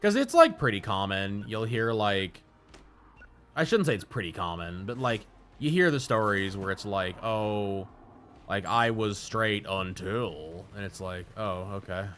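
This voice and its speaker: A male streamer with a lowish voice rambles through crude stories between chat asides. He talks in a loose, profane, casual way. Faint music plays behind him. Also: animated, unhurried, a bit bright.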